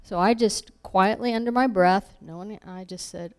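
A woman's voice: mid-range voice, moderate pace, few pauses, darkish tone. A woman giving an informal sermon, telling personal stories in a conversational way with laughs, acting out her own thoughts. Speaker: preacher.

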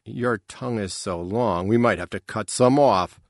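A man's voice: lowish voice, normal speed, no room sound, clean studio sound, natural voice. A man voicing a proud, short-tempered male alien father, speaking in a clipped, curt way. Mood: teasing.

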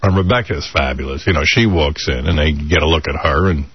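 A man telling a comic story on a radio talk show, animated and excitable, acting out every voice. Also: a bass voice, quick pace, husky, dull audio.

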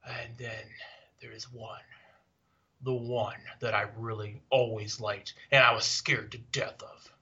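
A man's voice: mid-range voice, flat delivery, a little slow, bright, forceful tone, slightly rough. A man co-hosting a casual chat, hesitant and repeating himself, exclaiming often. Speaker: podcast co-host. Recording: dull lo-fi recording.

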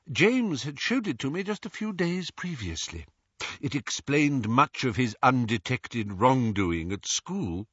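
A man reading the part of an old, remorseful male wizard mentor who speaks softly and haltingly. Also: on the low side, husky, dry recording, highs cut off, heavily acted. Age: older. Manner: soft, halting, confessional.

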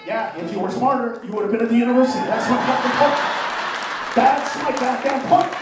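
A male stand-up comic with a strikingly high voice, swearing freely and breaking into loud rants. He is heard from a distance in a very echoey club. A laughing audience and steady noise fill the background. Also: a little fast, loud music behind the voice, a loud crowd. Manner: profane, bursts into loud shouting rants. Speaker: stand-up comedian. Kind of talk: stand-up comedy. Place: comedy club stage.

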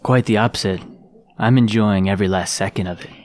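A man voicing a smug, deadpan male convict in an improvised comedy interview. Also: fairly low pitch, a little fast, lightly acted.

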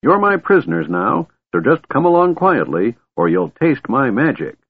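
A man's voice: on the high side, big pitch swings, moderate pace, slightly rough, pitched above the performer's own voice, full character voice. A man voicing a doddering, absent-minded old male wizard who fusses, scolds and stammers. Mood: scolding. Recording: tinny phone-like dry recording.

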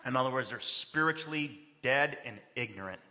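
Bright-voiced male pastor in an echoing hall. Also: normal speed. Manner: animated preaching with wide pitch swings and acted-out quotes. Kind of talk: sermon. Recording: long reverb of a large hall.

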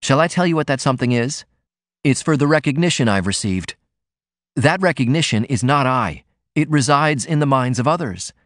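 A man voicing a proud young male writer in an audiobook, speaking in a measured, bitter, argumentative way. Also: mid-range voice, expressive, no echo, studio quality, pitched above the performer's own voice, natural voice. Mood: reasoning. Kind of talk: audiobook character reading.

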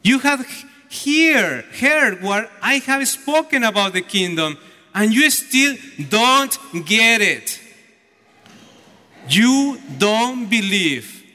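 A man's voice: very high-pitched, animated, drawn-out words, sharp tone, heavily acted. A man voicing an irritated man just woken from a nap, scolding his friends in exasperation. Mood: exasperated. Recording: echoey church hall.

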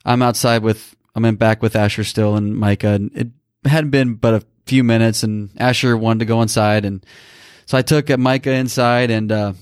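A man's voice: mid-range voice, clean tone, dry recording, studio quality. A man in his thirties telling a personal story on a podcast, emotional and rambling, with many restarts. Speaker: podcast co-host. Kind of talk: casual storytelling.

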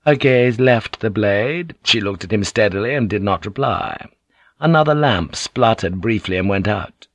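A man reading a novel aloud in calm, even scripted narration. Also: lowish voice, moderate pace, no echo. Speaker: audiobook narrator.

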